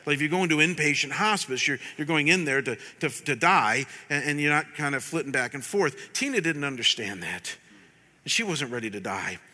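A man who is a pastor, telling a personal story in a sermon, stammering and restarting, rising to loud laughing bursts and sinking to hushed, emotional tones. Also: on the high side, animated, moderate pace. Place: church. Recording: long reverb of a church hall.

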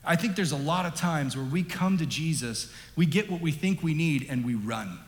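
A man preaching a sermon as a pastor, animated and emphatic, dropping low and rising up for stress. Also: normal speed. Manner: animated, emphatic, varies loudness. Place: large church hall. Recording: echoey hall with long reverb.

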